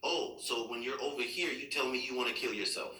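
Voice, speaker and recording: A man's voice: mid-range voice, fairly quick, bright, forceful tone. A man speaking as a father, talking patiently and firmly with his child, reassuring him. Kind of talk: serious heart-to-heart with a child. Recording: echoey room, mic far off.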